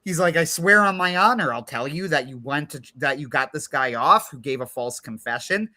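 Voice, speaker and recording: Bright-voiced man retelling a novel casually. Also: mid-range voice, animated, normal speed. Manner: retells scenes with lots of "like" and quoted back-and-forth. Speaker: livestream co-host. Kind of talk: casual chat. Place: livestream.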